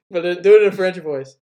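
A man's voice: high voice, mellow, lo-fi sound. A man hosting a casual podcast, joking and swearing, who quotes people in mocking voices. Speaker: podcast host.

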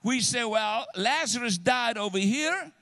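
A man preaching a sermon as a guest speaker, animated and exhortative, calling out to the church. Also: extremely high pitch, a little slow, no room sound.

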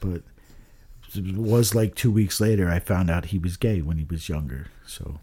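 A man's voice: sits low, steady tone, moderate pace, mellow, husky. A man chatting casually on a podcast, rambling, swearing often and trailing off with "I don't know.". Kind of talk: casual chat.

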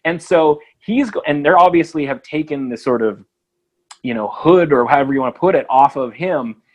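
A man co-hosting a casual sports betting podcast, talking fast and acting out quoted lines. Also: on the high side. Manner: animated, acts out quoted voices. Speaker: podcast co-host.

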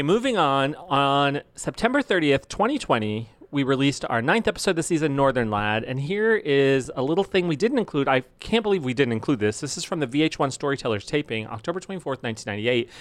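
Male podcast host, mid pitch, brisk and eager, casual talk. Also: no echo. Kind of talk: casual chat about songs.

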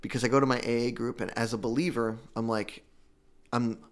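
A man giving an emotional personal testimony about recovery, earnest and halting, with many restarts. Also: medium pitch, fairly even intonation. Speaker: guest telling his recovery story.

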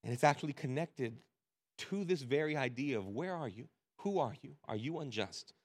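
A middle-aged man delivers a sermon with an easygoing, conversational feel. He slips into everyday slang and tells stories from home. His voice sits at an ordinary middle pitch. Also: lively intonation, normal speed. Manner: casual, conversational preaching with slang and laughter. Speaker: pastor. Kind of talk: sermon with storytelling.

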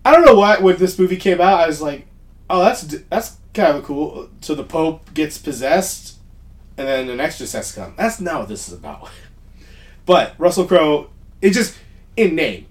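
A man's voice: on the high side, sing-song, moderate pace. A man co-hosting a casual podcast chat, rambling and interrupting himself, often laughing. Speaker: podcast co-host.

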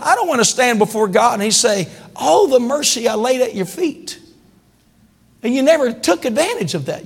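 A pastor with a very high voice preaches to his congregation, drawing call-and-response amens and swelling into shouts. His words ring out with a long reverb through a large church hall. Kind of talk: sermon.

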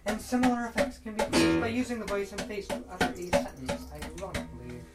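A woman reading a logic text aloud in deliberate, drawn-out phrases during an improvised performance. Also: medium pitch, expressive. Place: performance space. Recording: roomy live recording from far off. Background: loud improvised guitar music.

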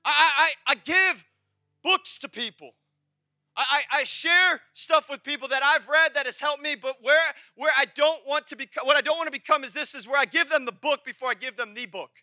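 Animated high-voiced man preaching a sermon. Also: brisk, no echo, clean studio sound. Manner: animated and conversational, shouting at peaks. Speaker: pastor.

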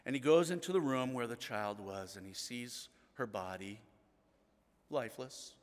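A middle-aged man preaching a sermon as pastor, telling the story earnestly and often dropping to a hushed tone. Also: mid-range voice, normal speed, big-room sound.

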